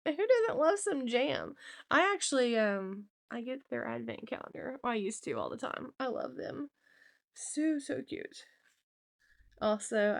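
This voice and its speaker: A woman hosting a crafts video, chatting casually and gushing with warm emotion over each item. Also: on the high side, vocal fry. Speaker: podcast host. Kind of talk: casual chat to camera.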